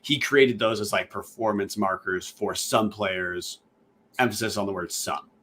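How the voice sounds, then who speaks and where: A man's voice: fairly low pitch, moderate pace, fairly bright tone, husky. A man co-hosting a podcast, asking long, winding questions and correcting himself as he goes. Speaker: podcast co-host. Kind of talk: podcast interview.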